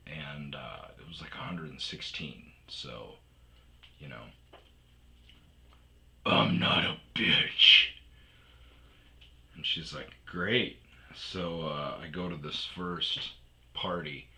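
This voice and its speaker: A man from Wisconsin with a deep, slow voice and a sharp, bright edge, spinning a loose, profane comic story that drops into mumbles. A faint hiss of noise sits under him. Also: creaky. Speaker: storytelling podcaster.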